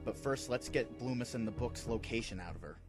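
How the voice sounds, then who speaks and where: A man voicing a calm male paranormal investigator, speaking in a measured, flat way over background music. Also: mid-range voice, natural voice.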